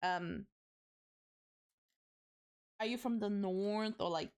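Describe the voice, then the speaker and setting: A woman's voice: mid-range voice, slow, clean tone. Chatty Portuguese woman streaming. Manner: chatty, animated, reacts to chat. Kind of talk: casual live-stream chat while building.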